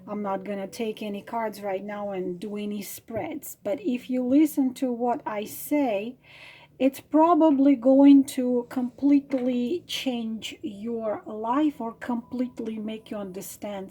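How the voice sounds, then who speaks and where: A woman psychic tarot reader softly telling a spiritual story to her viewers, with hesitant fillers and repeated words. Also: fairly high pitch, slight background noise. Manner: soft, hesitant, many fillers and repetitions.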